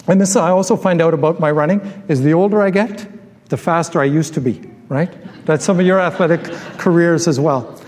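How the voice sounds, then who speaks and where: A man's voice: sits high, darkish tone. A middle-aged man preaching a sermon in a church, conversational, with many fillers and restarts, often asking the congregation questions. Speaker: pastor. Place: church hall. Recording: live church hall with long reverb.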